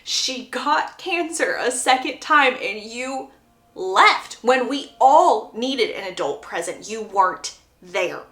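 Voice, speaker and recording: Brooding teen boy, heated and accusing, read by a woman, bright tone, roomy echo. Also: on the high side, expressive, takes it slowly. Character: brooding angry teenage boy.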